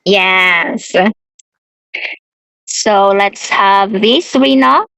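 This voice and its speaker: A young woman teaching a beginner English lesson to a child, repeating words slowly and laughing often. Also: medium pitch, gravelly, bright, forceful tone, smooth, no echo, low-quality recording.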